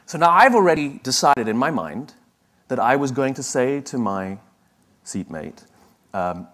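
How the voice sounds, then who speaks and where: A man's voice: mid-range voice, animated, unhurried, pauses often, fairly bright tone. A man giving a motivational talk, telling a story in a conversational, wry way with asides and self-corrections. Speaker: motivational speaker.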